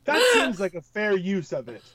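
A man co-hosting a comedy podcast, chatting in an animated way. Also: high-pitched, brisk, heavy background noise. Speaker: podcast co-host. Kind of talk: casual comedy chat.

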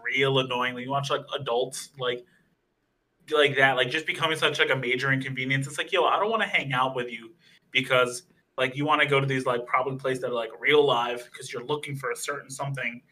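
A man's voice: fairly even intonation, a little fast, pushed and bright, rough recording. A young man telling a long, rambling bar story on a casual podcast, swearing freely. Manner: acts out other people's lines in higher voices. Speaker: podcast co-host.

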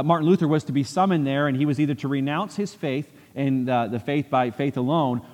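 A man's voice: mid-range voice, a little mellow, big-room sound. A man preaching a sermon from a church pulpit, earnest, repeating phrases for emphasis and acting out quoted speech. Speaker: pastor. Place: church sanctuary.

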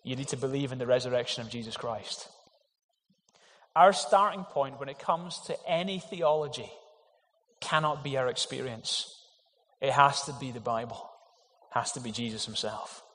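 A man's voice: mid-range voice, normal speed, a bit bright. A man preaching a sermon, earnest and emphatic, with rhetorical questions to the congregation. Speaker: pastor. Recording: long hall reverb.

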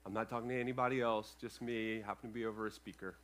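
A male pastor preaching a sermon to his congregation, earnest and emphatic, with loud peaks and quiet asides, checking in with the room. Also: fairly low pitch, fairly even intonation, quick pace. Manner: addresses the congregation with checking questions. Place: church sanctuary, speaking over a sound system.

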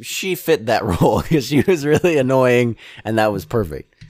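A man co-hosting a casual chat, rambling and halting with many restarts and fillers, often chuckling. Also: medium pitch, very animated, darkish tone, no echo, studio quality.

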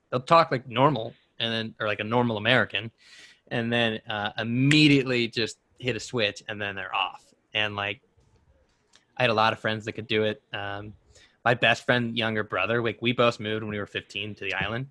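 Young man, casual podcast chat, bright tense voice, dry close sound, rambling storyteller. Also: mid-range voice, dry recording. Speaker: podcast co-host.

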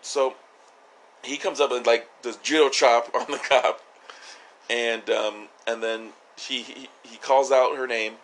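A man's voice: mid-range voice, fairly even intonation, unhurried, a bit bright, a little hiss or hum. A man co-hosting a podcast, chatting casually about a TV episode, jokey, swearing and laughing often. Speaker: podcast co-host. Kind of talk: casual chat reviewing a TV episode.

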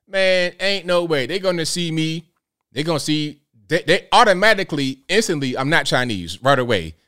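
A man's voice: fairly high pitch, lively intonation, moderate pace, pushed and bright. A man hosting a live show, talking in a casual, blunt, rambling way and riffing with rhetorical questions. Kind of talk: casual livestream commentary.

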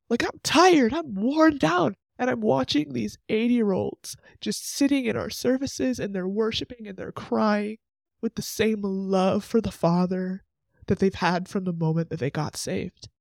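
A young man in his twenties speaks to his podcast listeners about faith, earnest and openly emotional. His voice sits somewhat high for a man, with a rough, fry-laden edge, and he keeps slipping in casual "like" asides. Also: steady tone, a little slow, a little mellow, dry recording, clean studio sound. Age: 20s. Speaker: podcast host.

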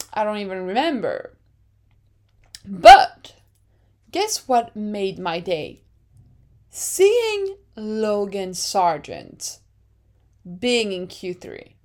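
A young woman chatting casually as a podcast co-host. She gets excited, swears, and acts out her own reactions. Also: mid-range voice. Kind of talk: casual chat.

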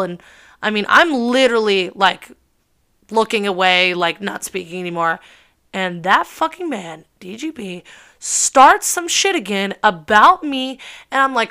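Animated, profane young woman telling a story. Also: medium pitch, a little slow, clear, resonant tone. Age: early 20s. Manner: animated, profane, heavy filler words. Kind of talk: casual storytelling.

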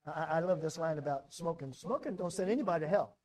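A man's voice: a little high, lively intonation, quick pace. Emphatic American man preaching. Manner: emphatic, repeats words when stressing a point, swings between loud and quiet. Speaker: pastor. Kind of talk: sermon.

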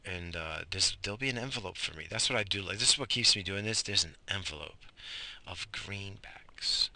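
A man's voice: sits low, animated, quick pace, sharp tone, no room sound. A young man, talking outdoors at night in a rambling, griping monologue full of swearing. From Atlantic coast of the US. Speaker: vlogger.

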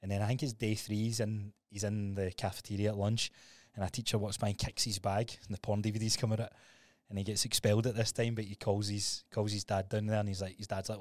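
A man co-hosting a podcast, telling stories in a sweary, animated, casual way. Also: on the low side, fast, no echo, studio quality. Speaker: podcast co-host.

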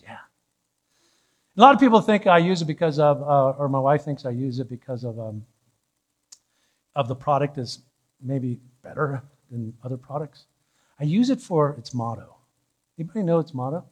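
A man preaching a sermon from the pulpit of a church, his voice sitting fairly high. He teases and jokes with the congregation, then presses his points with growing fervor. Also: expressive, normal speed, long pauses. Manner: joking, teasing the congregation, rising to fervent. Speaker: pastor.

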